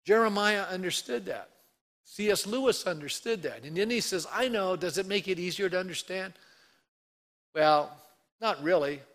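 A man with a fairly high voice preaches a sermon at a moderate pace, talking to the congregation conversationally and slipping into quoted voices with lively changes. He seems like an engaged pastor in full flow.

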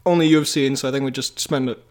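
A man's voice: mid-range voice, steady tone, rapid-fire, crowd noise. A man co-hosting a casual movie podcast, rambling playfully and laughing often. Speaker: podcast co-host.

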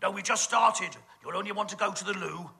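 A man's voice: sits high, a little fast, creaky, bright, forceful tone. A man with a British accent doing a camp, gossipy stage comedy monologue full of innuendo. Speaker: comic performer.

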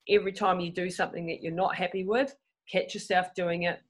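In a low-quality recording, a fairly low-voiced woman speaks rather quickly as a guest in a casual conversation. She's animated, often starts her sentences over, and acts out people's inner voices.

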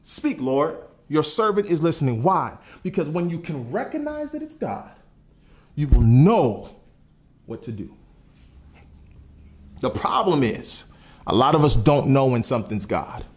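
Animated male preacher. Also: medium pitch, a little slow, pauses often. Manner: animated, conversational, asks the audience questions. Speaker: pastor. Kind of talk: sermon.

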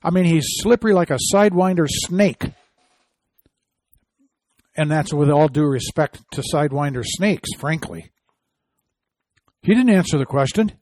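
A man's voice: on the high side, unhurried, long pauses, a little mellow, no room sound, studio quality. Indignant man hosting a commentary show. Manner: indignant, reading quotes then scoffing. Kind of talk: opinion commentary.

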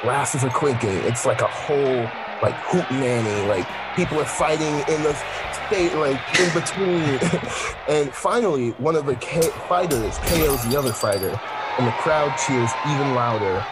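A man's voice: medium pitch, moderate pace, over loud music. A young man casually telling a comic story, rambling with lots of fillers and laughter. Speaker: storyteller pitching a film idea.

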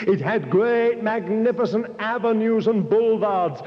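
Unhurried preacher in an echoing hall. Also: male voice, sits high, lively intonation. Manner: rhetorical, builds long repeated lists; addresses listeners directly. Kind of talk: sermon. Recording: dull, echoey hall recording.

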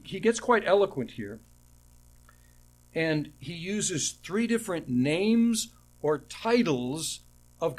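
A man preaching an expository sermon, speaking earnestly, often repeating words and slowing down to stress the verses he quotes. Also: on the high side. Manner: earnest teaching tone, frequent word repetitions, slows to stress quoted verses.

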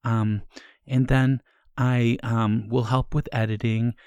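A man's voice: level tone, slow pace, a little mellow, clear, resonant tone, dry recording. A man doing a stammering, possessed young assistant. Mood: nervous. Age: 20s. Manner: stammering, nervous and meek, breaking into deep growls. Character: timid young male assistant, possessed by a growling demon. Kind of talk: improvised comedy podcast. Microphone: headphones and studio mic.

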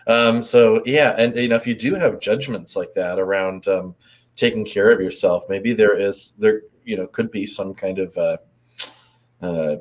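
A man with a fairly low voice talks through his ideas in a relaxed conversation. He hesitates and restarts often while he looks for the right words. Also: unhurried. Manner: hesitant, many fillers and restarts, thoughtful. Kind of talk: casual chat.

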